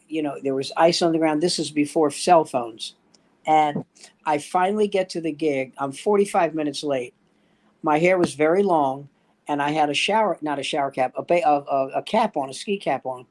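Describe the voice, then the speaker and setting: A man's voice: fairly high pitch, moderate pace. An older man, a standup comedian, telling rambling anecdotes in casual chat with acted-out quotes.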